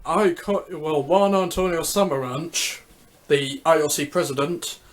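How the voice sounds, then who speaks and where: A man's voice: a little high, steady tone, measured pace, a little hiss or hum. A man giving casual vlog commentary on a ranking list, talking hesitantly, repeating words and falling back on "so yep" while he searches for what to say. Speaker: YouTuber ranking Olympic Games.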